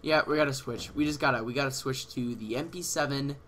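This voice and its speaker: A teenage man commentating his own gameplay casually, excitable and swearing, with sudden yells at other players, on a headset mic. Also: mid-range voice, fairly quick, a little hiss or hum. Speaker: gaming channel host.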